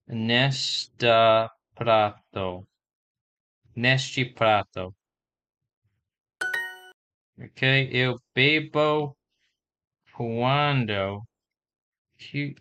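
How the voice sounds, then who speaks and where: Male vlogger, mid-range voice, slow deliberate delivery, casual chatty self-talk while studying. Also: medium pitch, fairly bright tone. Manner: slowly sounds out and spells words while learning; chatty, thinking aloud. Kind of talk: casual language-learning vlog.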